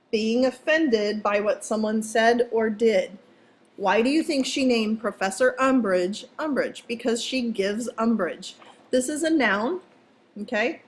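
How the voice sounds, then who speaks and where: A woman's voice: fairly high pitch, measured pace. A woman teaching a vocabulary lesson to students in a playful, chatty way, joking as she goes. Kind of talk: casual classroom vocabulary lesson.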